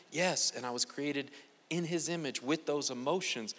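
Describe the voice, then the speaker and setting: A male pastor preaching a sermon to a congregation, animated and joking, with playful asides to the crowd. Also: mid-range voice, moderate pace. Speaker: guest pastor. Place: church sanctuary. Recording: long reverb of a large church hall.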